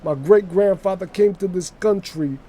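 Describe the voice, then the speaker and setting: A man's voice: high voice, normal speed, mellow, a little hiss or hum, voice pushed up, natural voice. A man voicing a brash male Italian-American wise guy with a New York accent, telling rambling, jokey stories.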